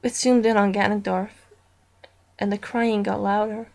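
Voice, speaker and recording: A woman reading a horror story aloud as narrator, in a slow, deliberate storytelling manner. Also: medium pitch, steady tone, vocal fry, darkish tone.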